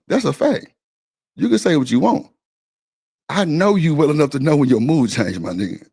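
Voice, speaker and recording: A man's voice: mid-range voice, vocal fry, a little mellow. A man hosting a live-stream panel, arguing his point in a blunt, profane, insistent way. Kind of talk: heated casual argument.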